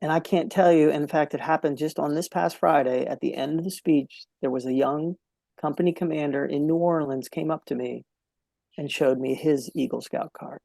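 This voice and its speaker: Earnest guy telling a story on a podcast, kinda gravelly, super dry recording. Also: on the high side, fairly even intonation, normal speed, dark tone, dry recording. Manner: earnest, repeats key phrases for emphasis. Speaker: podcast guest and public speaker. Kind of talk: heartfelt interview storytelling.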